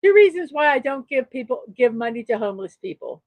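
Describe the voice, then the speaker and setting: A woman with a high voice hosts a casual livestream, reading out jokes in a chatty, upbeat way and chuckling along. She sits close to the mic in a dry, deadened room. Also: sing-song, a little fast, a little mellow, no echo. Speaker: livestream show host.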